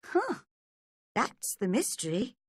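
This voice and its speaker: A woman's voice: on the high side, huge pitch swings, slow pace, breathy edge, no echo, full character voice. A woman reading a storybook, voicing a curious young girl who is easily upset, in a wondering, fretful way.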